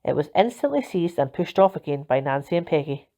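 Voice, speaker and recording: Mellow, low woman reading a storybook. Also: lively intonation, brisk. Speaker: volunteer reader. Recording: dull lo-fi recording.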